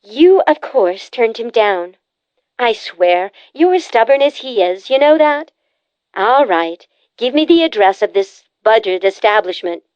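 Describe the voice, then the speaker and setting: A woman's voice: a little high, big pitch swings, a little slow, a little mellow, clean tone, no echo, lo-fi sound. A woman doing a pushy, teasing older sister. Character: brisk, teasing adult sister. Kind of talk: audiobook character voice.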